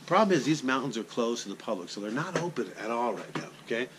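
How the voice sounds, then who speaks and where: Guy talking to his camera, sports announcer type, lively storyteller, middle voice, bit of faint hiss. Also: medium pitch, quick pace. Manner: animated, chatty, talks straight to the viewer. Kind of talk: casual vlog storytelling.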